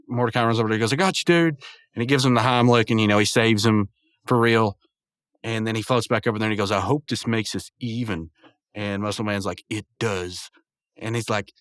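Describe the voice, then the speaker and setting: A man's voice: fairly low pitch, a bit bright, no room sound, clean studio sound. A man casually recapping and reviewing a cartoon episode, laughing often, rambling and correcting himself as he goes. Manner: laughs often while retelling. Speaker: show reviewer.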